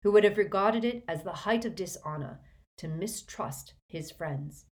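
A woman voicing a sober, measured grown man wizard in a storybook reading. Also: medium pitch, natural voice.

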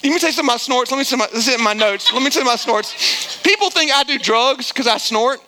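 A man's voice: very high voice, quick pace, sharp tone, slight background noise. A middle-aged man preaching a sermon, telling comic stories with chatty, self-deprecating asides. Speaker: pastor.

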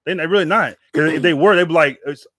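Fast-talking man rambling on a podcast. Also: fairly high pitch, a bit bright, no room sound. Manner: rambling, repeats words, slangy. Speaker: podcast host. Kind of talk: casual chat.

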